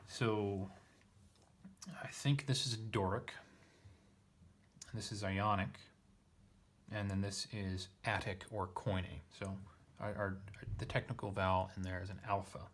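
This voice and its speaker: In this casual lesson reading, a Greek teacher takes a text one line at a time, musing aloud and frequently stumbling into fillers and self-corrections. His low-pitched voice stays level, moves a little slowly, and sounds a bit bright.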